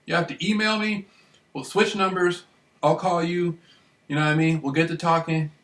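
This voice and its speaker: Speaking at normal speed in a fairly high, bright, forceful voice, a Michigan vlogger delivers an excited, self-recorded monologue to the camera. He circles back over the same points and repeatedly asks "you know what I mean." The mic is distant and the room echoes heavily.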